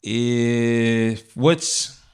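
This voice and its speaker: A man's voice: medium pitch, very slow, smooth. A man co-hosting a business podcast, talking in a laid-back, rambling way with plenty of fillers. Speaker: podcast co-host. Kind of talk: casual business podcast chat.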